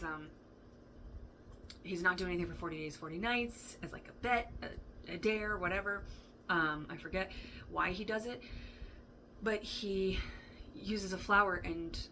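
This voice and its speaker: Bright-voiced woman giving a rambling tarot reading. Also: lowish voice, a little hiss or hum, poor audio. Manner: rambling, thinks aloud, swears, laughs often. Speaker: tarot reader. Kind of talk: casual spoken tarot reading. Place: indoor room with a fan running.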